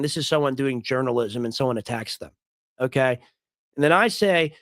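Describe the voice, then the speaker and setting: A man's voice: medium pitch, fairly quick, no echo, studio quality. A man giving emphatic, argumentative commentary on a clip as a stream host, often repeating himself. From United States.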